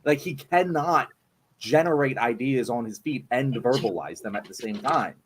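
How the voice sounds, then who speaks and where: A man's voice: mid-range voice, lively intonation, normal speed, background noise. A man co-hosting a livestream, talking politics bluntly and casually, with some swearing. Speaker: livestream co-host. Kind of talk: casual political debate chat.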